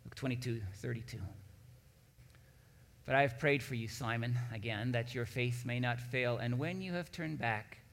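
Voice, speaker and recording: A male pastor delivers a sermon, his voice sitting at an ordinary middle pitch. He moves between calm, low stretches and forceful, climbing emphasis. His words ring out with a long reverb, as if in a large church sanctuary. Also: normal speed. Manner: preaching with swelling emphatic peaks.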